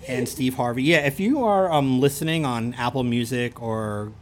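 A man's voice: mid-range voice, lively intonation, moderate pace, slight background noise. A man with a Baltimore accent and a lisp, co-hosting a podcast in rambling, jokey banter with a slight stutter. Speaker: podcast co-host.

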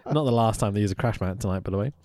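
A man casually co-hosting a podcast, excitable and sweary, laughing often as he recaps. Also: lowish voice, very fast, no echo, studio quality. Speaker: podcast co-host recapping wrestling. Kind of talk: casual chat.

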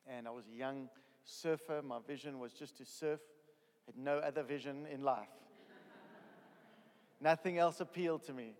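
A man in his fifties from South Africa, telling his testimony as a preacher in a storytelling sermon that rises to loud excited bursts. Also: mid-range voice, unhurried, long pauses. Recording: long hall reverb.

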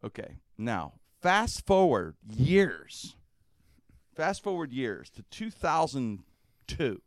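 This middle-aged man, a radio host from Pennsylvania, is spinning a story in relaxed conversation, lively, profane and laughing often. His mid-range voice moves at a slow pace in a dry recording.

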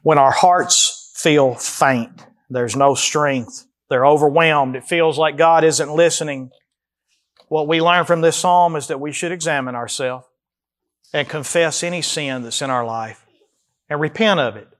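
A man preaches a sermon with a fairly high voice. His delivery swings between emphatic rises and slow, drawn-out phrases as he prays the text aloud to his congregation. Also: a bit bright. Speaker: pastor.

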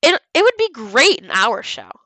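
A young woman co-hosting a casual fan podcast, excitedly reading out favorite quotes and swearing freely. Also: high voice, moderate pace, crowd noise, low-quality recording. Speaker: podcast co-host.

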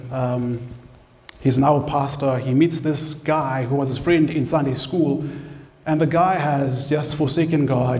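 A man's voice: fairly high pitch, darkish tone. Conversational male preacher in a reverberant hall. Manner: conversational, acts out quoted voices, repeats words. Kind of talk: sermon.

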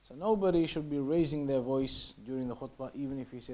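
A man's voice: mid-range voice, quick pace, warm tone. A man teaching a religious lesson, reading passages and explaining them in English. He repeats his points often and sometimes drops to a near-whisper to show how something is said. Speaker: teacher of Islamic law.

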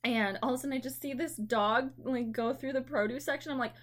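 A young woman with a somewhat high voice tells work stories in relaxed chat. She is animated and slips into the voices of the people she describes. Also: brisk. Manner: animated storyteller, acts out customers in quotes. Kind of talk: casual chat.

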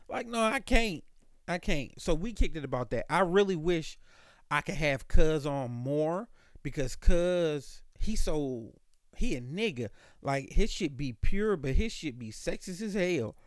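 An adult man who calls himself an old dog hosts a casual solo podcast, telling stories in a loose, profane, slangy way. His voice is on the high side and animated, at a measured pace, recorded with clean studio sound and no room sound.

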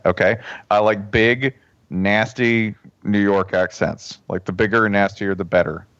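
Low, lively man chatting casually on a podcast, dry and a bit dull. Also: dry recording. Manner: animated, laughs often, does mock accents. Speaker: podcast co-host. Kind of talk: casual chat.

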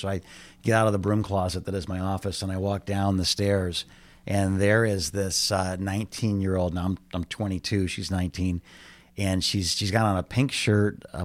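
A man in his fifties, a pastor, telling lively family stories with jokes in a casual interview. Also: low voice, moderate pace, no echo. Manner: animated storyteller, jokes.

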